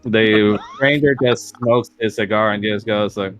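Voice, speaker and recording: Casual low-voiced male game master. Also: measured pace, hardly any pauses, fairly bright tone, faint music behind, rough recording. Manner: casual narration with fillers and laughs. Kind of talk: narrating a tabletop game.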